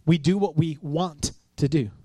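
A man in his thirties gives a chatty sermon in a fairly high voice, telling stories and acting out the voices in them. His delivery is animated, and the sound is close and dry. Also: a little slow, no echo. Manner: storytelling, animated, acts out quotes. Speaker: pastor. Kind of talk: conversational sermon.

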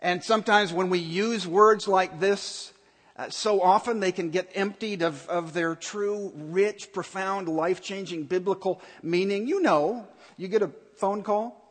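A pastor preaching a sermon in an earnest, emphatic way, repeating key points. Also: male voice, sits high, a little slow, fairly bright tone, big-room sound.

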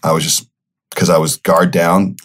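A man's voice: low-pitched, flat delivery, normal speed, fairly bright tone. A young man hosting a podcast, telling a personal story in a loose, rambling way with many fillers and self-corrections. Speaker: podcast host. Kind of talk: casual storytelling monologue.

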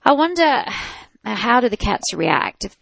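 A woman's voice: fairly high pitch, sing-song, measured pace, vocal fry, fairly bright tone, no room sound. A woman, a dog trainer giving practical advice in a chatty radio talk, with many fillers and restarts. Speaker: dog trainer answering listener questions. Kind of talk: radio call-in advice chat.

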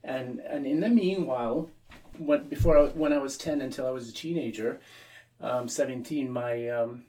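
A man's voice: medium pitch, normal speed, dark tone, distant mic. A Canadian man, an Anglican priest, telling his story as an interview guest, often repeating and restarting his words.

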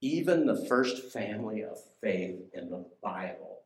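Male preacher, lowish voice, chatty sermon delivery, roomy echo. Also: animated, a little slow. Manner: conversational, asks the listeners questions.

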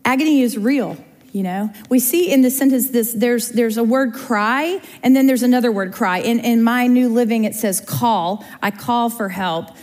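Woman teaching Bible study, slightly high voice, conversational, keeps asking "okay?", long echoing reverb. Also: normal speed, a little mellow. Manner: chatty, checks in with "okay?" and "right?" often. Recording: long reverb of a large room.

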